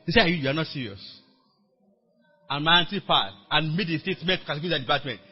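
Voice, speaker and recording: A Nigerian man preaching a sermon as pastor to a workers meeting, telling a story with animated acted-out dialogue and calling on the congregation to respond. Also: fairly high pitch, fairly quick, breathy edge. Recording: dull lo-fi church recording.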